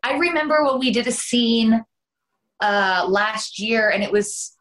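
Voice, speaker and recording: A woman's voice: fairly high pitch, a little slow, a bit bright. A Canadian woman, an actress, chatting in an interview, talkative with laughing asides. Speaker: soap opera actress, guest. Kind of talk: casual interview chat.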